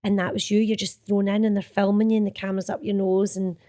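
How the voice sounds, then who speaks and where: A woman's voice: mid-range voice, fast talker. A middle-aged Scottish woman, an actor, chatting in an interview and acting out the quotes in her stories. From Scotland. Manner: chatty, animated, acts out quotes. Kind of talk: casual storytelling interview.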